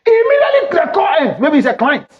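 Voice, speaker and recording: A middle-aged man with a Ghanaian accent, a counselor hosting an advice talk show, speaking loudly and teasingly with sudden shouts. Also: very high voice, huge pitch swings, quick pace, very noisy. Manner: loud, teasing, breaks into shouts and acted quotes. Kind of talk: animated advice talk mixing English and Twi. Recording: dull lo-fi recording.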